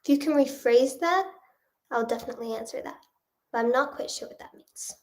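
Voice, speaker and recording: A woman's voice: sits high, a little fast, darkish tone. A young woman with a nasal voice, a singer-songwriter answering chat questions in a casual livestream, rambling with lots of fillers. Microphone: phone or webcam livestream.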